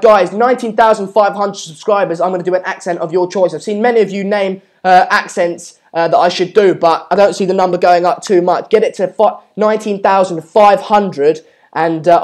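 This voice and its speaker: A man's voice: sits high, steady tone, a little fast. A young man hosting a live football watchalong, commentating on play and reading out viewer comments in a chatty way with many ums. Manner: chatty, lots of ums, urges viewers to subscribe. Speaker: live stream watchalong host.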